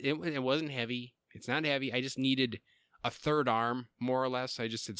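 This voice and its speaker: A man's voice: medium pitch, moderate pace, pushed and bright, smooth, dry recording, clean studio sound. A man, hosting a podcast in a casual, rambling way, full of fillers and restarts. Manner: rambling, lots of fillers and restarts, laughs often. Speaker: podcast host.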